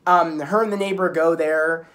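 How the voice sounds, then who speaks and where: A man's voice: on the high side, steady tone, normal speed, a bit bright. A young man giving a casual spoken recap of a TV episode, rambling with many restarts and filler words. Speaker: video reviewer.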